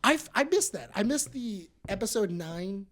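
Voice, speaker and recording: Female podcast co-host, mid pitch, animated storyteller who acts out every quote. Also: moderate pace. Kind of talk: casual podcast chat.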